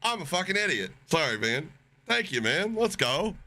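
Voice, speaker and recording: A man with a slightly high voice streams live at a moderate pace, chatting casually with viewers. He swears freely and gets excited reacting to the chat.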